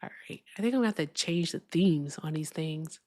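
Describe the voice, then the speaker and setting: A woman hosts a political live stream from a desk mic at home. Her delivery is animated and emphatic, with swearing along the way. She slows right down to hammer each point home. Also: sits low. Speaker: livestream political host.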